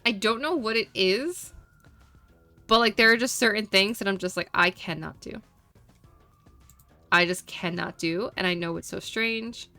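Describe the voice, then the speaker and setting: A woman's voice: medium pitch, a little slow, long pauses, pushed and bright, dry recording, soft background music. A young adult woman streamer chatting casually with viewers, rambling and repeating herself, filling with "like".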